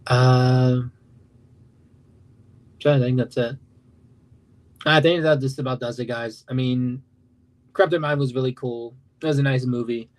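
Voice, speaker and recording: A man's voice: medium pitch, fairly even intonation, unhurried, pauses often. A young man in his late teens, an animation creator, rambling casually on a livestream. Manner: rambling, loose, self-interrupting.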